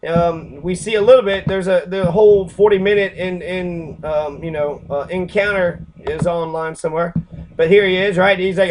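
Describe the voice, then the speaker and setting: A man's voice: high voice, steady tone, normal speed, darkish tone, a little hiss or hum, low-quality recording. A man from Kentucky giving angry, profane casual commentary on civics, ranting with many fillers. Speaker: civics vlogger.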